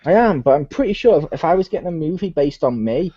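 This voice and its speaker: A man hosts a casual gaming podcast with a loose, rambling style, laughing often between jokes. His voice is mellow and darker in tone, with a lively pitch that moves around a lot. The recording sounds dull and dry, like a basic home mic. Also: fast talker, no echo. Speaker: podcast host. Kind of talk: casual chat.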